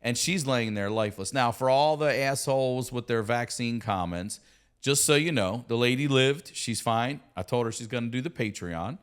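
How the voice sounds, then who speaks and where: A middle-aged man telling a story casually in a studio, animated and profane. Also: mid-range voice, moderate pace, clear, resonant tone. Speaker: comedian and podcast guest.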